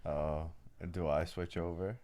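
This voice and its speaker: A man in a relaxed studio podcast chat as a guest fighter, blunt and fired up as he rambles. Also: sits low, unhurried, no room sound.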